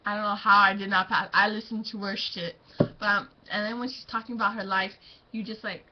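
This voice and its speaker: A woman's voice: mid-range voice, level tone, fairly quick, highs cut off, a little hiss or hum. A teenage girl chatting about teachers to her camera, rambling with lots of fillers and breaking into giggles. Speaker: student vlogger. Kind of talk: casual storytelling.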